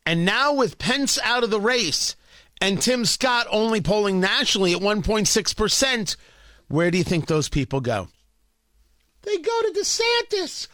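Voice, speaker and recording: A man's voice: sits high, animated, normal speed, sharp tone, dry recording, studio quality. A man hosting political talk radio, giving emphatic, opinionated commentary and repeating phrases for effect.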